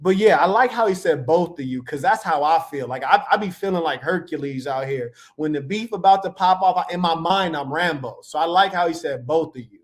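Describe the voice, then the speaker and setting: A man talks over clips in a relaxed, joking reaction style. He tells stories with lots of slang and a playful edge. His voice sits a little high for a man. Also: fairly quick, hardly any pauses. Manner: playful, animated storytelling with slang. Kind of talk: casual reaction commentary.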